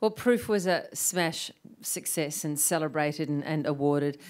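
A woman's voice: deep voice, unhurried, darkish tone. Woman interviewer prompting questions. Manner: conversational, prompting with questions and brief reactions. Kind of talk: stage interview.

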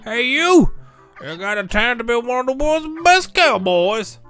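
A man voicing a jolly rancher father in a loud, exaggerated, high-pitched put-on voice. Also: very animated, unhurried, clear, resonant tone, faint music behind, exaggerated voice. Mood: boisterous.

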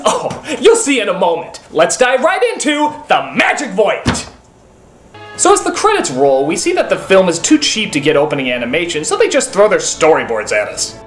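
Sarcastic lady reviewing a cartoon, lively up and down voice, echoey room with music. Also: medium pitch. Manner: sarcastic, ranting, shouting bursts. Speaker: film review show host. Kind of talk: comedic film review.

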